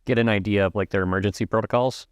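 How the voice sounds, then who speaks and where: A man with a low, smooth voice talks through his plan at a tabletop game, stopping often on uh and like. The sound is close and dry. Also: fairly even intonation, quick pace, no room sound. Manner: hesitant, many uhs and likes. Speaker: player.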